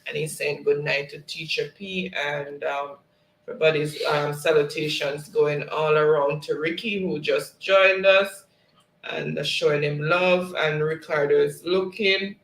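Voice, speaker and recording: A man's voice: fairly high pitch, fairly even intonation, measured pace, a bit bright, roomy sound, slight background noise, rough recording. A man hosting a casual livestream, reading viewers' comments aloud in a friendly way and laughing often. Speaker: livestream host.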